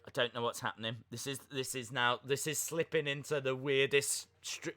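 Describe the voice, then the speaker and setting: A young man hosting a live wrestling watch-along, chatting excitedly, rambling and flustered as he reads viewer comments. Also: medium pitch, normal speed, few pauses, soft background music. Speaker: livestream host reacting to wrestling.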